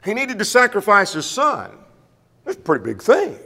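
A man's voice: high voice, huge pitch swings, moderate pace, creaky, sharp tone, long reverb tail. A man preaching a sermon, firing questions at the congregation and acting out the excuses people make. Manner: questioning, emphatic, acts out quoted excuses.

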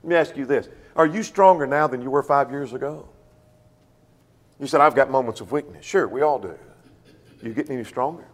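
A man's voice: medium pitch, a little fast, pauses often, big-room sound. A man preaching a sermon, firing questions at the congregation and acting out the excuses people make. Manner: questioning, emphatic, acts out quoted excuses.

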